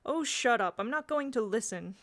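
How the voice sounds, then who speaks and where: A woman's voice: fairly high pitch, animated, moderate pace, pushed and bright, voice pushed up. A woman voicing a young girl in a storybook reading, speaking up indignantly. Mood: cross. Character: timid-then-spirited young girl.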